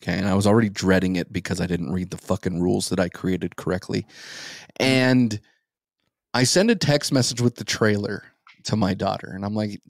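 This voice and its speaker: A man's voice: lowish voice, steady tone, a little fast, creaky, no echo, studio quality. A man in his thirties co-hosting a podcast, ranting in an exasperated, profane way. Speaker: podcast co-host. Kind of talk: casual podcast chat.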